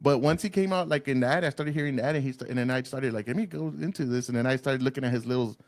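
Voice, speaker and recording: A man from Texas hosting a casual podcast chat over a video call, laid-back and profane, telling stories with lively put-on voices. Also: medium pitch, quick pace, no room sound, clean studio sound. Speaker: podcast host.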